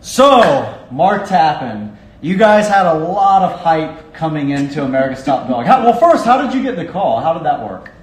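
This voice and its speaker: A man's voice: a little high, big pitch swings, moderate pace. A man hosting a casual live-streamed interview, upbeat and joking. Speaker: host. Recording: echoey room with faint noise.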